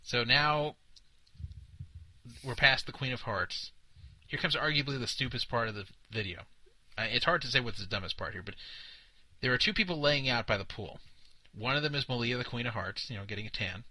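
Sarcastic man, bright dry voice. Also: medium pitch, brisk, long pauses, no echo, low-quality recording. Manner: sarcastic, mocking, laughs often. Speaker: podcast co-host. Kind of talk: casual commentary on a video.

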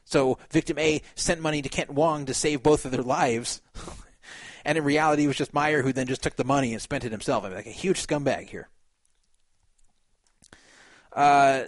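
A man's voice: medium pitch, normal speed, long pauses, no echo. Man reading news with wry asides. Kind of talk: reading news aloud with commentary.

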